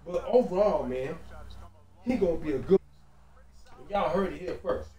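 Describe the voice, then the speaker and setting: A man giving loose, slangy, excitable commentary over a basketball video game, peppering his talk with casual fillers. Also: sits high, moderate pace, roomy sound. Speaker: gaming commentator.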